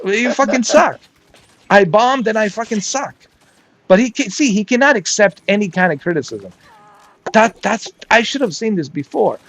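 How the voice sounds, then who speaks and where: A man's voice: high-pitched, lively intonation, moderate pace, fairly bright tone, rough recording. A man ranting crudely and mocking someone in casual chat, laughing often as he goes. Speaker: gaming streamer.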